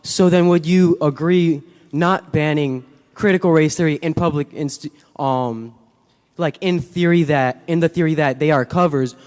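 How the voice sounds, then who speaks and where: A man in the audience asking a question hesitantly, full of pauses, his voice partly gone. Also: fairly high pitch, fairly even intonation, a little mellow. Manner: hesitant, many fillers. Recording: reverberant hall mic.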